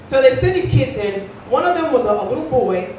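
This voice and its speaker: A woman's voice: high-pitched, animated, a little fast, dark tone, slight background noise. A woman performing a stand-up comedy set, telling a crude story in a brash way and slipping into acted-out voices. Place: comedy club stage with audience laughing. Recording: echoey distant live club recording.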